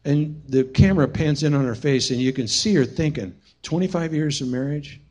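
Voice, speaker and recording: Animated, joking preacher, higher voice. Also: male voice, moderate pace. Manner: storytelling, humorous, animated asides. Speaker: pastor. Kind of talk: sermon.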